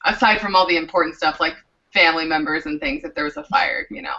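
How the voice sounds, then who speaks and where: A woman from Minnesota hosting a casual group chat, giggly and animated. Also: low-pitched, fast talker, dull audio. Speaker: host.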